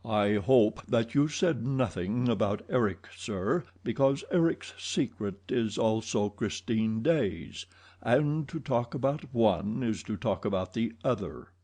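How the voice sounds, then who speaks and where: A man voicing a mysterious, grave stranger in an audiobook, speaking slowly and deliberately. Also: fairly low pitch, lively intonation, darkish tone. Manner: slow, grave, sighing.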